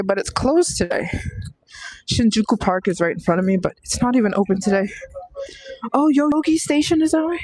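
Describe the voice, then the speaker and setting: A woman's voice: medium pitch, no room sound, low-quality recording. A woman vlogger chatting casually on a phone livestream as she walks outdoors, rambling and sometimes dropping to a whisper. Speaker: travel vlogger. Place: outdoors on city streets and temple grounds. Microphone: handheld phone.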